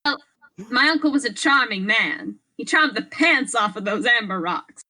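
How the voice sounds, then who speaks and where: Woman player in character, playful and theatrical, bright higher voice. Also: expressive, normal speed, rough recording. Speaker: guest player. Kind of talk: in-character tabletop role-play.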